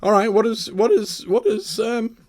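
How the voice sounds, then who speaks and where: A man voicing an eager adventuring party member who gushes with excitement. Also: high-pitched, moderate pace, pitched above the performer's own voice. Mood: excited. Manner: excited and gushing.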